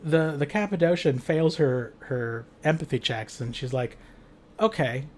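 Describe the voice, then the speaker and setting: A man's voice: on the high side, normal speed, a little mellow. A man recapping a tabletop game as game master, rambling with lots of fillers, swearing and laughing. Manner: rambling, full of "like" fillers, profane, laughs a lot. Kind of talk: casual retelling of a tabletop game.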